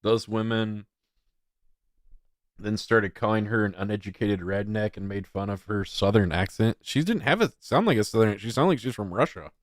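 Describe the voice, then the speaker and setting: A man's voice: lowish voice, moderate pace. A man streaming a crude, profane reaction commentary, scornful and rambling.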